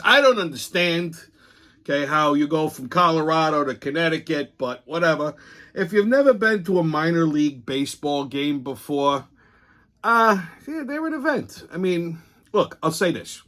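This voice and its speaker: A man's voice: a little high, a bit bright. A man, hosting a casual monologue, telling blunt, profane stories full of quoted arguments. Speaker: host.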